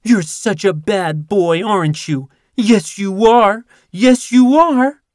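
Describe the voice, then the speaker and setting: A man voicing a frantic, gushing woman who owns a cat, with a high, drawn-out voice. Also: no echo, studio quality.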